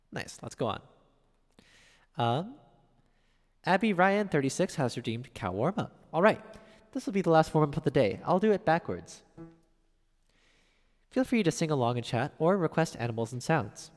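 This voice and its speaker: A man's voice: a little high, big pitch swings, moderate pace, pauses often, long reverb tail. A man streaming piano, chatting casually as he reads viewer messages aloud and answers them. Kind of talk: casual live-stream chat.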